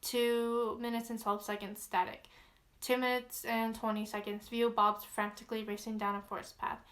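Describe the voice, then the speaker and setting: Chatty woman, slightly high voice. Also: little pitch movement, moderate pace, fairly bright tone. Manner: chatty, easily spooked, many fillers. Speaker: vlogger. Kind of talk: casual read-aloud of a horror log.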